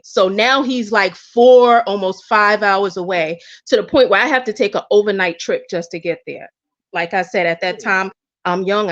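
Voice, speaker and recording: A woman guest telling a personal story in a casual, candid way, often restarting her sentences. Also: medium pitch. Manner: candid, animated, with frequent restarts. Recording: dull lo-fi audio.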